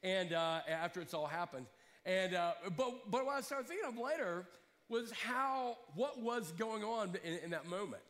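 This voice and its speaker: A man's voice: high voice, lively intonation, a little slow, fairly bright tone, long reverb tail. A man from Alabama, telling a rambling story in a sermon with many restarts.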